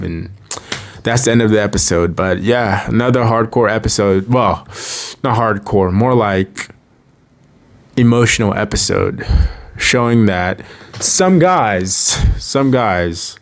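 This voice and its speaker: A man casually reviewing a show, rambling and joking, breaking into sudden high dramatic outbursts. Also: slow. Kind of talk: casual video review commentary.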